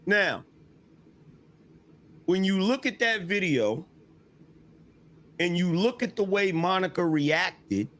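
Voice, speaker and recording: A male podcast host talks through a viral clip, pressing his points and checking in with his viewers again and again. His voice sits fairly high, and he speaks at an unhurried pace. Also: expressive, a bit bright. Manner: emphatic, keeps asking "right?".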